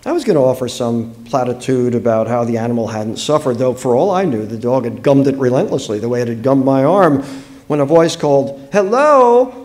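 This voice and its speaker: An author from the United States giving an expressive, dramatic public reading of his own fiction at a book fair. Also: mid-range voice, fairly quick.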